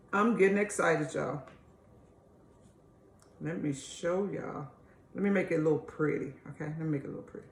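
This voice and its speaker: A woman's voice: sits low, normal speed, gravelly, pauses often, a little mellow, a little hiss or hum. A woman hosting a casual home cooking video, chatty and homey, calling her viewers y'all. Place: home kitchen. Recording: echoey kitchen room.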